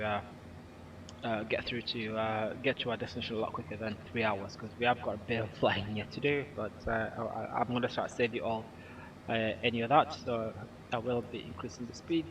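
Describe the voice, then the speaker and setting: A Yorkshire man talks through a live flight-sim stream, easygoing and halting, full of "uh"s and false starts. He sits a little back from the mic, and a faint low rumble hums underneath. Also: a bit bright, recorded from a distance, poor audio. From England. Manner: halting, lots of uh fillers and restarts, answering chat. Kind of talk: casual live-stream chat while flying a sim.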